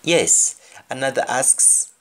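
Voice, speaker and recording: A man with a Jamaican accent teaching a language lesson, repeating each phrase slowly and then translating it. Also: medium pitch, fairly bright tone. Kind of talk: slow spoken language lesson.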